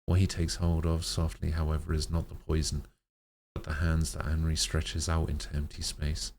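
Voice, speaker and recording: A man streamer reading a sad story aloud in a slow, measured way, with occasional slips. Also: very deep voice, completely flat delivery, creaky, a little mellow, a little hiss or hum.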